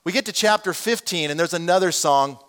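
A man preaching a sermon, his voice sitting a bit higher than most men's. He talks to his congregation in a loose, animated way, breaking off into asides and acting out the lines he quotes. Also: brisk, clean tone. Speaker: pastor.

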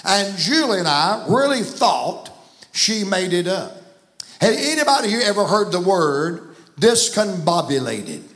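A man's voice: sits high, fairly bright tone. A man with a Southern American accent preaching a folksy, emphatic sermon in a church. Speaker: guest preacher. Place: church sanctuary.

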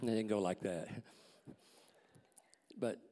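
A man, telling a personal testimony in church as a folksy, animated storyteller. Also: on the low side, slow pace, in a large hall. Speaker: church staff member giving a testimony.

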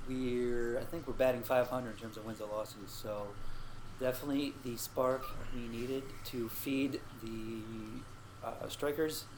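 A man's voice: medium pitch, steady tone, noisy background. Casual man recapping football results. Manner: swears freely, quick jokes. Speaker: podcast co-host. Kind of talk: casual sports chat.

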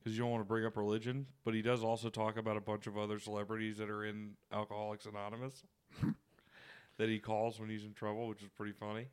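Young man, podcast co-host, low voice, smooth clear tone, profane rambling chat. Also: monotone. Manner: rambling, profane, quick to mimic others. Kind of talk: casual profane banter.

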